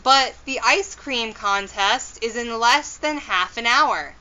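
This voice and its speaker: A woman's voice: on the high side, slow, pushed and bright, low-quality recording. A woman voicing a careful, practical young girl in a children's storybook read-aloud, cautious in tone.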